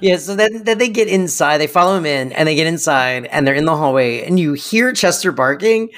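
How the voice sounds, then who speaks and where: A podcast co-host chatting casually and eagerly, often repeating words when excited. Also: medium pitch, brisk. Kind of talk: casual chat recapping an episode.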